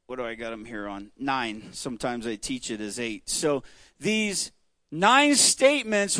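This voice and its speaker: A man's voice: high-pitched, a bit bright, no room sound. A man teaching an interactive church Bible study, asking the group questions in a conversational, emphatic way.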